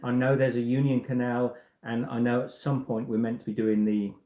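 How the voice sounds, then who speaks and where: A man's voice: medium pitch, flat delivery, fairly quick, warm tone, reverberant, muffled recording. A man hosting a casual livestream from a home, rambling and chatty, restarting and repeating words as he goes. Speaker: walking-trip vlogger and livestream host. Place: indoors in a home.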